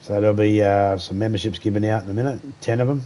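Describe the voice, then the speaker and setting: A man's voice: on the low side, steady tone, quick pace, mellow, slight background noise. A man with an Australian accent chatting casually on a live game stream, greeting viewers by name and cracking crude jokes. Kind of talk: casual live-stream chat over gameplay.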